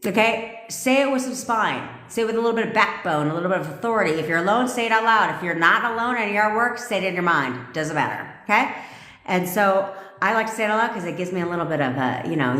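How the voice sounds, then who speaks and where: A woman's voice: fairly low pitch, fast, a bit bright. A woman manifestation coach on a live stream, talking in a brash, profane, commanding way and reading out viewers' comments as she goes. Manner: reads live comments aloud. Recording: echoey room with long reverb.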